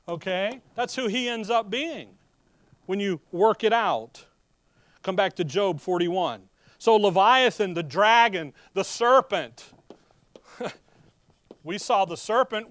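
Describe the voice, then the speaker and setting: A middle-aged man preaching a sermon in a folksy, animated way, reading scripture slowly and loudly between casual asides. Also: sits high, no echo.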